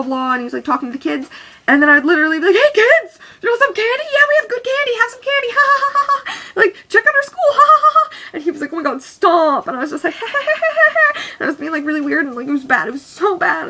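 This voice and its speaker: A young vlogger rambling through a personal story, full of "like" and "um", excitable and anxious. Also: high-pitched, creaky, poor audio.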